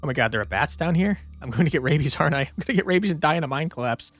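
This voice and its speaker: A man voicing a jumpy, anxious young woman who talks in a rushed, panicky way. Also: on the high side, lively intonation, fairly bright tone, no echo, soft background music, voice pushed up. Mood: panicked.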